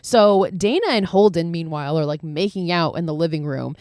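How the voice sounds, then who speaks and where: Woman podcast host, chatty film recap, lowish voice, dry close sound. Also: a little fast, darkish tone, clear, resonant tone, no room sound. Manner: chatty, swears freely, gushing asides.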